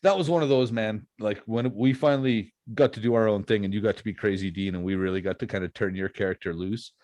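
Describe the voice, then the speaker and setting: A man's voice: fairly low pitch, fast, darkish tone, no room sound. A man hosting a podcast, chatting casually and telling stories with lots of fillers. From Canada. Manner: laid-back storytelling with frequent fillers. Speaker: podcast host. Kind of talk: casual chat.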